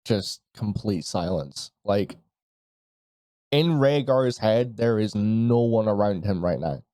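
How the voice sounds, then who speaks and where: A man taking part in a tabletop game, talking casually. His voice is mellow and warm. The sound is dry and close. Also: on the low side, expressive, slow, dry recording. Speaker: player.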